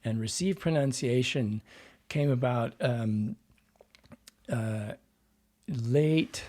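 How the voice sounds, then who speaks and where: Speaking very slowly in a mid-range, darkish voice, a man who works as a dialect coach and actor gives long, digressive explanations during a relaxed podcast interview.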